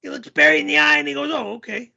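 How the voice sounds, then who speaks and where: Casting: a man doing a shrill, gravelly, bright, yelling male storyteller character, crude and rambling, dull lo-fi stream audio. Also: fast talker, heavily acted.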